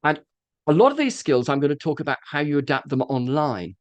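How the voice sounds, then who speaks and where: A man coaching a room of presenters, his voice rising and falling in a lively, demonstrative way. He talks with frequent ums and restarts. His pitch sits a touch high for a man. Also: brisk, no echo, dull audio. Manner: animated, demonstrative, with frequent fillers. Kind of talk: live workshop talk.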